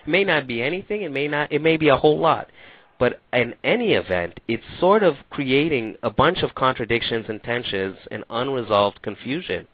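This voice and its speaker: A man's voice: medium pitch, lively intonation, moderate pace, no room sound. A man being interviewed as an author, explaining his views in an articulate way. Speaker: author, guest. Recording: dry tinny phone line.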